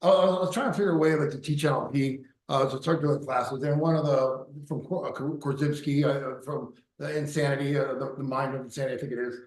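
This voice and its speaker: A man's voice: mid-range voice, steady tone, fast talker, few pauses. A man in casual podcast conversation, telling stories in a rambling way, with many restarts and some swearing. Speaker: pickup coach and podcast guest. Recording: echoey room.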